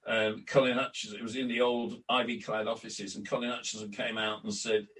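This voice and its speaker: An older man telling anecdotes in a relaxed interview, acting out remembered conversations with many restarts. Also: lowish voice, fairly quick. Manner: anecdotal, acts out quoted exchanges, frequent restarts. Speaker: interview guest, former club announcer and editor. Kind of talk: storytelling in a relaxed podcast interview. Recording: distant from the mic.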